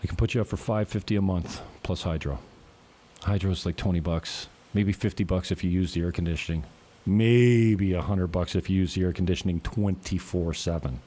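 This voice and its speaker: Low mellow-voiced man rambling. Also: brisk. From Canada. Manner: rambling, profane, chuckles often. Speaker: realtor and channel host. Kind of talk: casual rambling vlog chat.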